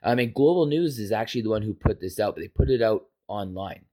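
A man's voice: on the low side, animated, quick pace, mellow. A man hosting a podcast, delivering an impassioned, emphatic political rant with profanity. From Canada. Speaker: podcast host. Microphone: podcast microphone.

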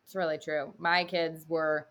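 A woman's voice: deep voice, little pitch movement, a little slow, fairly bright tone. A woman co-hosting a podcast, speaking candidly and openly in casual chat. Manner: candid, open, talks through feelings. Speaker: podcast co-host.

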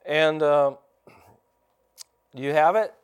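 A man preaching a sermon as pastor. He uses emphatic call-and-response, repeats phrases and slows down to stress key words. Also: on the high side, smooth. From United States.

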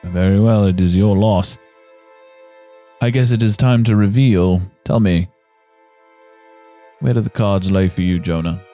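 A man's voice: lowish voice, warm tone, soft background music, lightly acted. A man doing a smug, taunting card shark. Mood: cold. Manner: taunting, drawn-out delivery. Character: smug sarcastic male high-stakes card player.

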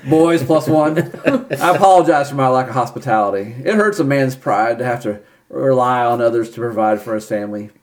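Tabletop role-play: man playing a grumbling dour father, pitched up. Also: fairly quick, close to an everyday voice. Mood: rueful. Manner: raised, louder, rambling complaint. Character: proud, dour middle-aged father, embarrassed.

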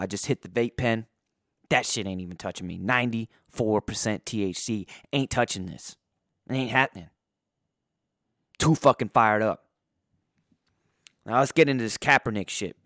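A man ranting about sports in crude, profane language, his voice going hoarse. He swings between loud outbursts and low muttering. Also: normal speed, long pauses, dry recording, studio quality. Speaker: sports podcaster. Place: indoors.

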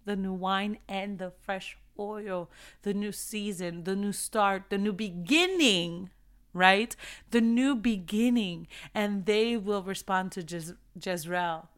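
A woman's voice: mid-range voice, slow, clean tone. A woman giving a heartfelt devotional talk, earnest and repetitive, building in intensity as she speaks.

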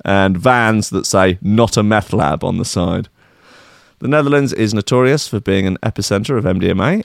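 A man with a fairly low voice reads a news story and cuts in with sardonic, deadpan jokes and mock outrage. The sound is dry and close, with no room echo. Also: vocal fry. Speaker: comedic news commentator. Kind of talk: reading news aloud with sarcastic commentary.

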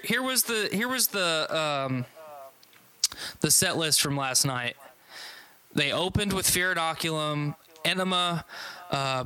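A man's voice: a little high, pushed and bright, clean tone, rough recording. A man in casual chat, recapping a concert he saw in a loose, rambling way with frequent swearing and restarts.

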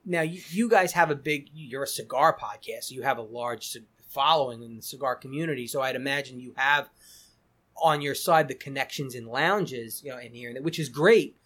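A man's voice: mid-range voice, normal speed, fairly bright tone. A middle-aged man, a cigar company founder chatting as a podcast guest, rambling with many restarts and repeated words. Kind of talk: casual podcast interview.

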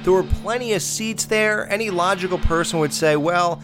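A man's voice: high-pitched, fairly quick, music in the background. A man hosting a casual film review podcast, blunt and opinionated, rambling with fillers as he recaps scenes. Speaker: podcast host.

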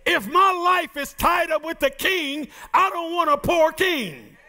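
A man preaching a sermon as pastor, shouting and half singing his lines with playful asides to the congregation. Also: very high-pitched, unhurried.

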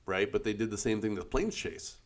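Deep-voiced man in casual chat. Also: a little fast. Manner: rambling, searches for words with many fillers. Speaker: co-host, game store staff.

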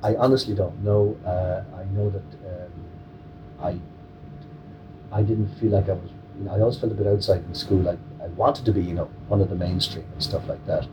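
A man's voice: low voice, fairly even intonation, a little fast. An Irish man in his forties, a comedian being interviewed, joking and rambling with many restarts. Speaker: comedian guest. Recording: distant mic with faint noise.

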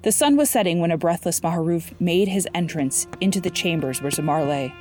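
A woman narrating a story in a steady, even-paced scripted reading. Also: on the low side, fairly quick. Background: faint music.

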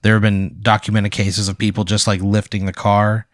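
A man improvises a second-person story for a guest in a loose, rambling way, full of filler words. His voice is fairly low. The recording is dry and close. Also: flat delivery, normal speed, no room sound. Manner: casual, rambling, many "like" fillers. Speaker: host narrating a hypothetical.

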